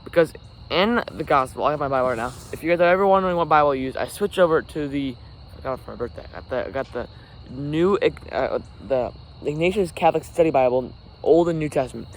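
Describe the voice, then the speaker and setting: Talking quickly in a slightly high voice, this podcast host records his casual solo episode on camera at the forest's edge. He rambles and revises himself, with insects and crickets audible and a little hiss or hum on the audio.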